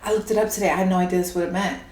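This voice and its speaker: A woman tarot reader talking in an animated, rambling way and laughing often. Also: on the low side, very fast. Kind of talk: casual spiritual monologue. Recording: echoey room with faint noise.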